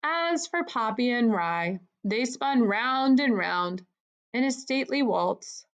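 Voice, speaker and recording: Slow, measured woman reading a storybook. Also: a little high, lively intonation. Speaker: narrator. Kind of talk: storybook read-aloud.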